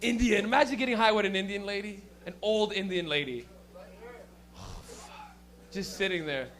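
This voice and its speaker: A man's voice: sits high, moderate pace, fairly bright tone. A young man doing stand-up, loose and profane, working and teasing the crowd. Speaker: stand-up comedian.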